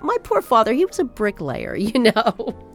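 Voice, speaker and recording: A woman telling a personal family story in an animated, wry way. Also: on the high side, moderate pace, soft background music.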